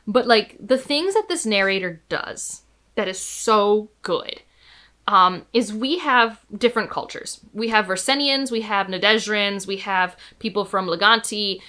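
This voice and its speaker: A woman's voice: mid-range voice, pushed and bright. A woman chatting casually about books, gushing with enthusiasm and peppering her talk with "like" and "um". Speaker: book vlogger. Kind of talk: casual chat.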